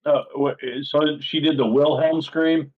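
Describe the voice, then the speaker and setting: A man playing a tabletop game, cracking jokes and giving quick in-game orders. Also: fairly high pitch, fairly even intonation. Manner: jokey, playful quips. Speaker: player. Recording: tinny phone-like call audio.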